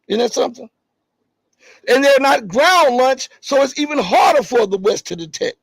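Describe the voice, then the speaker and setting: A man hosting a live stream, reading articles and viewer chat, pressing his points hard and then dropping low and casual. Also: lively intonation, normal speed, vocal fry, husky, dry recording. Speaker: livestream host.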